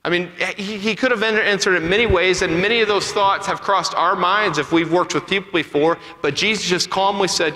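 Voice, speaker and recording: A male pastor preaching a sermon, acting out dialogue and swinging between loud passages and soft ones. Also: fairly high pitch, a little fast, hardly any pauses. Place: church sanctuary. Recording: church hall with long reverb.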